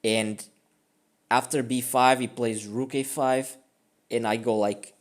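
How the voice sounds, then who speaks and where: Man, casual game commentary, rambling, self-deprecating, lots of fillers, mid-pitched voice. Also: steady tone, slow pace. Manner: rambling and self-mocking, full of "like" and "I mean". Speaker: chess streamer reviewing his own game.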